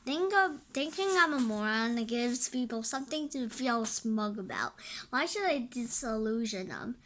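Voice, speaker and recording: A woman voicing a calm, oddly wise small boy in a read-aloud of a graphic novel, matter-of-fact with small restarts. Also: a little high, a little slow, slight background noise.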